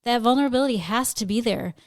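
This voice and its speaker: A woman's voice: fairly high pitch, fast talker. A woman co-hosting a podcast who speaks sincerely and with emphasis, often repeating words. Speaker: podcast co-host. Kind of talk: candid podcast conversation.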